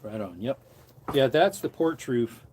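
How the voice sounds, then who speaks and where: A man's voice: medium pitch, animated, measured pace, a little mellow, a little hiss or hum. A man who preaches, chatting casually on a livestream from an outdoor porch and wandering between topics as he reads comments aloud.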